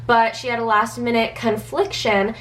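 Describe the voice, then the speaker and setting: A woman's voice: on the high side, steady tone, moderate pace, a bit bright. Chatty young woman with a stuffy nose. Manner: chatty, anxious, many "like" fillers. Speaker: vlogger. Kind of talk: casual storytime.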